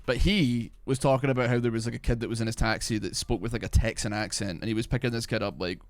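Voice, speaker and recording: A young man with a softened Glasgow accent rambles through casual stream talk, peppering it with "like," "man" and swearing. His voice sits at an ordinary middle pitch. He sounds loose, chatty and offhand while he plays. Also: steady tone, fast, dry recording. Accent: Glasgow Scottish, softened. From Glasgow, Scotland. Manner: rambling, profane, full of "like" and "man". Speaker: game streamer. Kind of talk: casual live-stream chat while gaming.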